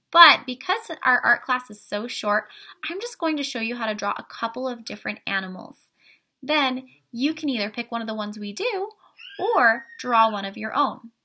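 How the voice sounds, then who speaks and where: Bright-voiced woman teaching kids art. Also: a little high. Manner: upbeat, talks directly to kids with questions; step-by-step drawing instructions. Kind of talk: online art lesson for children.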